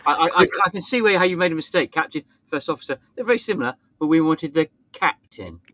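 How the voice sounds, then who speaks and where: Guy playing his character, sarcastic and mock patient, slightly high voice. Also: animated, fast talker, fairly bright tone, no echo. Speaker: player. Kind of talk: in-character play in a tabletop game.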